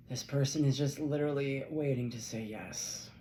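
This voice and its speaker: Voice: mid-range voice, moderate pace, dark tone, a little hiss or hum. A tarot reader giving a casual channeled reading, effusive and loose, swearing freely and laughing often.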